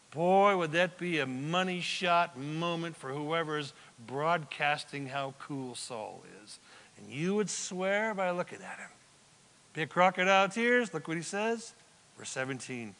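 Animated, high-voiced male pastor. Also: unhurried. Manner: animated storytelling with joking asides. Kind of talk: sermon. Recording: long hall reverb.

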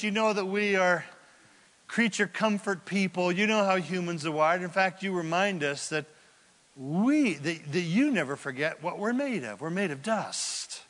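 A man preaching with a high, bright, ringing voice. He swings from loud cries to hushed near-whispers as he makes his points. His words echo with the long reverb of a large hall. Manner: dramatic, swings from loud bursts to hushed asides. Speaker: pastor. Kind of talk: sermon.

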